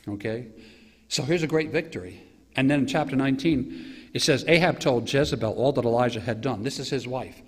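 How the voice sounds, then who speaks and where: Man, American accent, pastor, animated sermon, mid pitch, reverberant church hall. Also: brisk, husky. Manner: animated storytelling, mocking asides and acted quotes. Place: church sanctuary. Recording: live church stream with long hall reverb.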